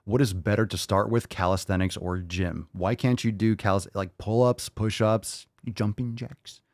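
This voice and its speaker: A man's voice: lowish voice, fairly even intonation, normal speed, no echo, clean studio sound. A man hosting a live podcast Q&A, answering viewer questions in a blunt, joking and profane way. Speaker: podcast host. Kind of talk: live Q&A chat.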